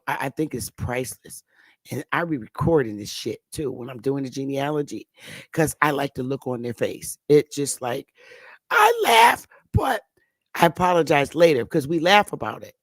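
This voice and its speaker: A woman with a Northern US accent giving blunt, animated, casual commentary as host, swearing freely. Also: very deep voice, moderate pace, no echo. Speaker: channel host.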